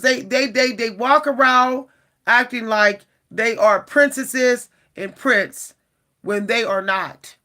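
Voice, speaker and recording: A woman talking casually to camera as a vlogger, animated and exasperated, often repeating herself and calling out to her viewers. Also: fairly high pitch, slow.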